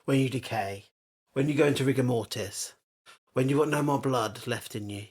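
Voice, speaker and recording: A man's voice: mid-range voice, normal speed, breathy edge. Playful, teasing male podcast host. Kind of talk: casual chat.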